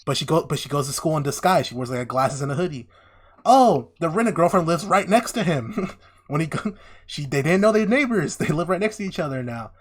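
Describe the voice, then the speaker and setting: A man co-hosting a casual podcast, recapping an anime with animated storytelling and acted-out lines. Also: on the high side, brisk. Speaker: podcast co-host.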